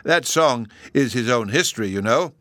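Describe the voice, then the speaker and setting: A man voicing a kindly, excitable old male professor with a fussy, chirpy manner. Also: mid-range voice, moderate pace, dry recording, lightly acted. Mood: fussy, cheerful.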